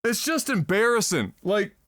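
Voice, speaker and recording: A man's voice: high-pitched, very animated, moderate pace, a bit bright. A young adult man from Canada, streaming live, rants with sarcastic exasperation and heavy swearing. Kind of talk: profane ranting commentary on a live stream.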